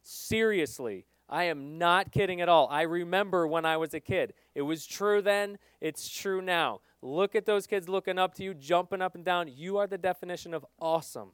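A middle-aged male pastor preaching with earnest emphasis, swinging between loud stresses and quiet asides. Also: sits high, normal speed, few pauses, clear, resonant tone, no echo. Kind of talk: sermon.

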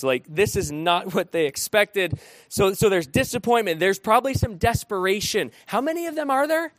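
A man preaching an interactive sermon, animated and often asking his listeners questions. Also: sits high, moderate pace, no room sound, studio quality. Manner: animated, asks the room questions.

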